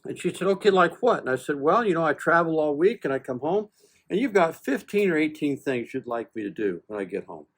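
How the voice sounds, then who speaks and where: Speaking fairly quickly in a fairly high voice, a U.S. veteran in his 70s relates a lengthy personal tale as a guest in a casual interview. He's folksy and animated, voicing both sides of the conversation with humor aimed at himself.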